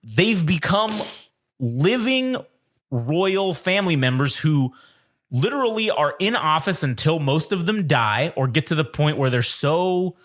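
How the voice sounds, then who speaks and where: A man's voice: on the high side, lively intonation, measured pace, fairly bright tone. A man co-hosting a casual podcast, ranting with lots of swearing and acting out the people he quotes. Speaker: podcast co-host. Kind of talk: casual political rant.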